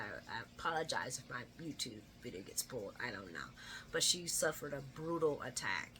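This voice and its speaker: A woman casually chatting through a recap of a soap opera episode, animated and laughing often. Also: a bass voice, slight background noise.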